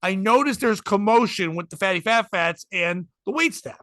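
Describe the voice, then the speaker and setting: A man's voice: high voice, animated, moderate pace, no echo. A man, a comedian hosting a podcast, telling a story with lots of swearing and acted-out quotes. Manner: acts out quotes with shouting, swearing, laughing.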